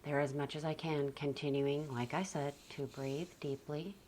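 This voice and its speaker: A young adult woman talking gently and slowly about calm parenting, often dropping almost to a whisper. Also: low-pitched, a little hiss or hum. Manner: soft, slow and gentle, often near a whisper. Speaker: parenting vlogger. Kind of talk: calm reflective talk to camera.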